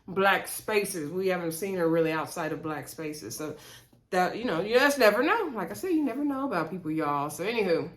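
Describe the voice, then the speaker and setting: A woman's voice: lowish voice, lively intonation, a little fast. A woman in her thirties casually recapping a reality show, gossipy, with laughing asides and lots of fillers. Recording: echoey room.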